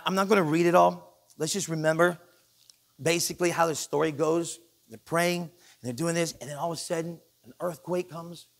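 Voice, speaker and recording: A male pastor preaching a sermon in a church, animated and joking, acting out the people he quotes. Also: fairly high pitch, gravelly.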